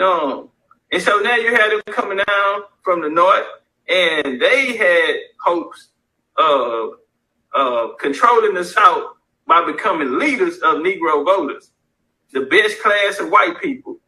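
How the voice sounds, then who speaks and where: A man's voice: fairly high pitch, sharp tone, low-quality recording. A man giving casual history commentary, reading source passages aloud and riffing on them in loose, profane street talk.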